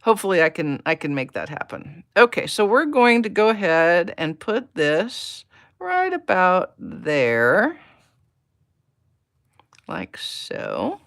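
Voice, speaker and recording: This American woman hosts a live-stream craft tutorial, making a card while she chats, talks to herself and calls out viewers by name. She speaks slowly in a fairly low, fairly bright voice with huge swings in pitch.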